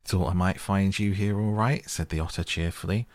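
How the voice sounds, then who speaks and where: A man voicing a cheerful, bold adult male otter telling his tale in a hearty, lively way. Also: sits low, moderate pace, gravelly, no room sound.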